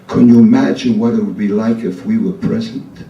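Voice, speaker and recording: Here the man in his seventies, a performance artist, speaks briskly with a fairly low, warm voice, though the recording is muffled. On a live club stage he works through a profane, rambling comic monologue full of restarts, heard through a distant mic in roomy club acoustics.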